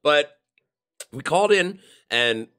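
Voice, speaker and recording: A man's voice: a little high, lively intonation, slow pace, pushed and bright, clear, resonant tone. A man, hosting a podcast and telling stories in casual chat, acting out quotes in shifting voices. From Philadelphia area. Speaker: podcast host.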